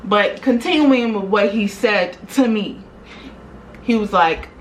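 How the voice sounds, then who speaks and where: Brief: young woman vlogger, lively slangy storytelling, mid-pitched, slight background hiss. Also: slow, rough recording. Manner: animated, slangy retelling with lots of quoted dialogue. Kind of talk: casual storytime.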